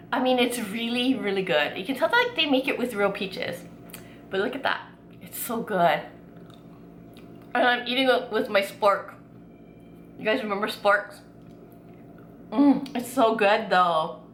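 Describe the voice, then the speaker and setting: A woman food vlogger chatting excitedly while tasting desserts, gushing with lots of fillers. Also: on the high side, echoey room, a little hiss or hum. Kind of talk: casual food tasting vlog.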